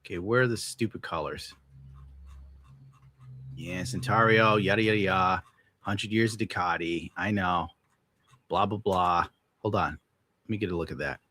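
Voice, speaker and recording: Speaking at a normal pace with long pauses, this young adult male podcast host has a pushed, bright voice. His casual stream is an exasperated, sarcastic rant full of swearing and abrupt leaps into high-pitched outrage.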